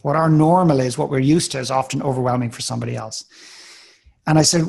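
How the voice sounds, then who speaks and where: A man's voice: medium pitch, fairly even intonation, fast, vocal fry, darkish tone, slightly rough. A man in a live coaching call, talking earnestly and directly, often restarting his words. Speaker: life coach.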